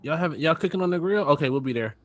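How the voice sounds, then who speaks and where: A man's voice: fairly high pitch, animated, fast, lo-fi sound. A man co-hosting a podcast in casual chat, laid-back and agreeable, often chiming in with short replies. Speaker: podcast co-host.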